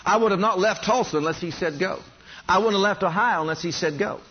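Male preacher, fairly high husky voice, animated storytelling from the pulpit, slightly dull recording. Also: fast talker. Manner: animated storytelling, addresses congregation directly. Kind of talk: sermon.

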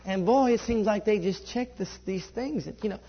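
Husky-voiced preacher, lo-fi. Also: male voice, sits high, normal speed. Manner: animated, conversational, laughs often. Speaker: preacher giving a testimony. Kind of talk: sermon storytelling. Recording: dull lo-fi recording.

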